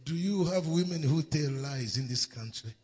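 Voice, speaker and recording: A man's voice: a little high, animated, moderate pace, darkish tone, husky. A man preaching a sermon, telling a story with emphatic repeated refrains and calling on the congregation to answer. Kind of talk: sermon storytelling with call and response. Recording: long hall reverb.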